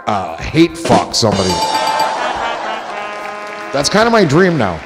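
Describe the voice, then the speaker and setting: A man's voice: on the low side, big pitch swings, normal speed, pauses often. A man hosting a livestream, chatting in a rambling, profane, joking way that often trails off. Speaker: livestream host. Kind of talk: rambling casual chat. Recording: clear music and crowd noise behind.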